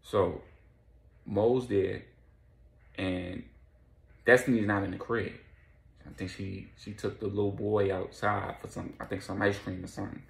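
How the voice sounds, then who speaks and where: A man's voice: lowish voice, level tone, unhurried, creaky, long pauses. A man casually telling a rambling story in slangy speech, in an echoey room.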